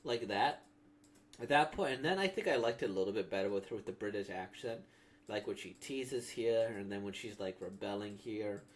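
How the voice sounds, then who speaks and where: Guy riffing on a comic, rambly and full of fillers, lowish voice. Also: expressive, moderate pace, slight background noise. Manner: rambling, filler-heavy talk. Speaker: comic reader and reactor. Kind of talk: casual commentary.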